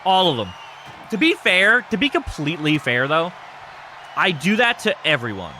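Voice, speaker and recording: A man hosting a live stream, chatting casually and excitably with viewers, joking and swearing freely. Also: fairly high pitch, normal speed, a faint crowd, a little hiss or hum. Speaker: streamer hosting a wrestling show.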